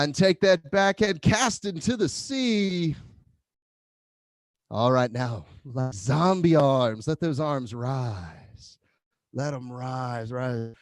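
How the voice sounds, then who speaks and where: A man leading an online tai chi class, giving calm movement cues with playful whoops. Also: a little high, no room sound, studio quality. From Philadelphia area.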